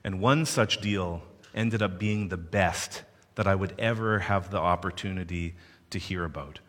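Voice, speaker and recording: Low-voiced male storyteller, playful asides, reverberant hall. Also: a little slow. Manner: animated, playful asides to the audience. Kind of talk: personal storytelling.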